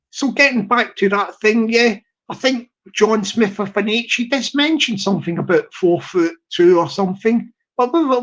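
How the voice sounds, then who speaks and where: A man hosting a live stream, giving upbeat, rambling shout-outs and often repeating himself. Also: very high voice.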